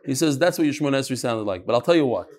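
A man's voice: mid-range voice, expressive, racing, darkish tone. A man teaching an informal Gemara class, telling stories and explaining with Hebrew and Yiddish terms. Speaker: Talmud teacher.

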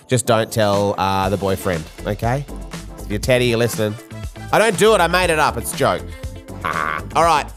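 A man hosting a casual podcast, telling animated stories and acting out loud shrieks. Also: medium pitch. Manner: lively storyteller who acts out shrieks. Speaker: podcast host. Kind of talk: casual chat.

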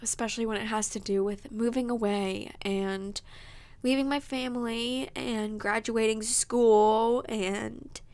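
A woman's voice: fairly high pitch, fairly even intonation, measured pace, a little mellow. A woman in her early twenties hosting a podcast, talking in a heartfelt, emotional way, sniffling and close to tears, with many fillers. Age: 20s. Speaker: podcast host. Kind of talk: casual heartfelt monologue.

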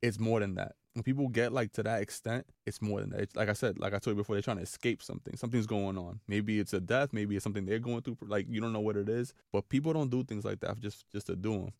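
A man from Brooklyn with a New York accent, talking as a podcast guest in casual conversation, animated and full of fillers and repeated phrases. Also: fairly low pitch, fast, vocal fry, few pauses, no echo, studio quality.

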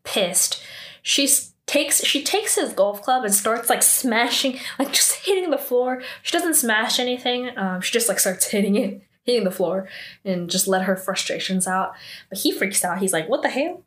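A woman's voice: on the high side, expressive, normal speed, fairly bright tone. A woman casually recapping a TV drama episode in a loose, chatty way, full of fillers and her own asides.

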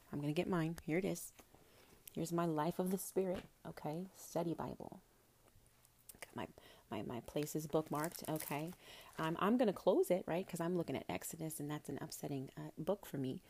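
A woman's voice: low voice, moderate pace, slight background noise. A woman calling herself a prophetess gives a casual spiritual talk to the camera. She is intimate and coaxing, calls the listener honey, swears casually and sometimes drops to a whisper. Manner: drops into soft whispers at times. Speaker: self-described prophetess.

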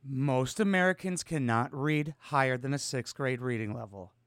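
A man in his twenties hosting a podcast, reacting loudly and mockingly to a video clip and swearing often. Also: medium pitch, moderate pace, dry recording, clean studio sound. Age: 20s. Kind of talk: casual reaction commentary.

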